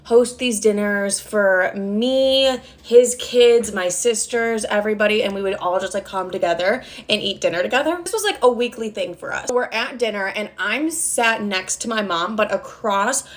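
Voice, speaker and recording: A woman's voice: medium pitch, normal speed, hardly any pauses. A young woman telling a story in a casual storytime, chatty, swearing often and saying "like" a lot.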